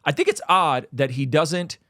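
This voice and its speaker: A man hosting a casual reaction podcast, talking in an animated way with frequent restarts. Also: on the high side, no echo, clean studio sound. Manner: animated, quick, with repeated restarts. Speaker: podcast host.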